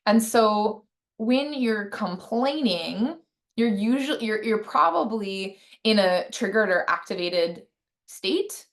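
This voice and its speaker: A woman's voice: medium pitch, lively intonation, slow. A woman relationship coach teaching casually, with a conversational manner, many fillers and frequent tag questions.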